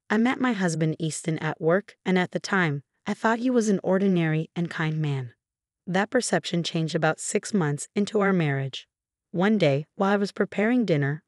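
A woman in her forties narrating her own story in an even, measured first-person reading. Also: fairly low pitch, dry recording, studio quality. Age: 40s.

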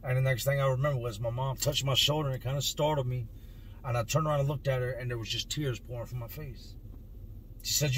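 A man's voice: medium pitch, steady tone, quick pace, a bit bright, a little hiss or hum. Earnest man telling his own story. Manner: earnest, emotional, stretches words for emphasis. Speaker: vlogger. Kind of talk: personal storytelling to camera.

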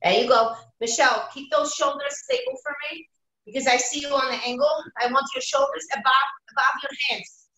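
A high-pitched woman with a bright, forceful voice coaches a workout over a video call, energetically counting reps and giving form cues. She sounds set back from the mic in an echoey room. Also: lively intonation, brisk, recorded from a distance. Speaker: fitness instructor. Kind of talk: live online workout coaching. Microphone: video call, away from the mic.

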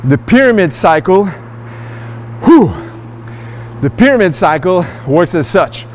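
A man's voice: high-pitched, very animated, moderate pace, slight background noise. Upbeat man coaching a gym workout. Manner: upbeat coaching, talks straight to viewers. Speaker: fitness vlogger. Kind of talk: workout demonstration and instruction. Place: indoor gym.

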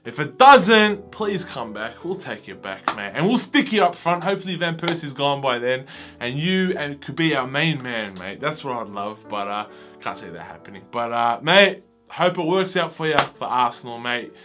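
A man's voice: mid-range voice, very animated, moderate pace, bright, forceful tone, faint music behind. A young man, ranting casually and wistfully as a football vlogger, saying "mate" constantly. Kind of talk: casual fan rant to camera.

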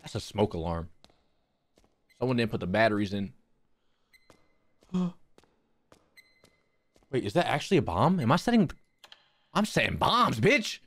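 A man's voice: fairly low pitch, big pitch swings, unhurried, pauses often, fairly bright tone, no echo. A young man streaming a horror game, cracking crude jokes to his chat and muttering nervously to himself. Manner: jokey, profane, talks to chat. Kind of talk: live gaming commentary.

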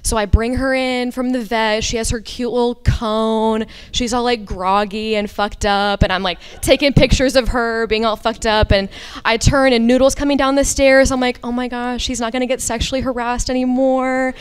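A young woman tells a funny personal story on a live story slam stage. Her delivery is rambling, full of fillers and swearing. Her voice sits a little high and comes through clear and smooth. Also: fairly even intonation, moderate pace. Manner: rambling, profane, comic, lots of "like".

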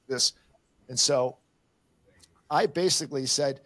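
A man's voice: medium pitch, fairly even intonation, moderate pace. An older man co-hosting a podcast, telling a story in casual chat and acting out the exchanges he quotes. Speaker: podcast co-host.

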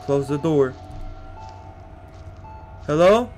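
A man's voice: fairly high pitch, animated, very slow, darkish tone, faint music behind. Jittery young man playing a horror game. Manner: jittery, scared, talks to himself and the monster; slangy, keeps saying bro. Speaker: gaming streamer. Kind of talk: horror game let's play commentary.

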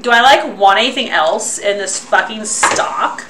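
Slow-talking Southern California streamer woman. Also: medium pitch. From Orange County, Southern California. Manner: chatty, swears casually, talks to chat while cooking. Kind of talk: casual cooking livestream. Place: home kitchen. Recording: roomy kitchen, mic a bit far, faint noise.

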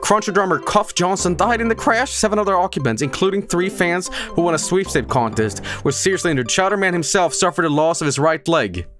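A pompous male TV news anchor, as a man puts him on for a mock newscast. He reads loudly and theatrically, pitched a little above the performer's own voice, and his voice swings lively up and down. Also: brisk, few pauses, faint music behind. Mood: mock-grave.

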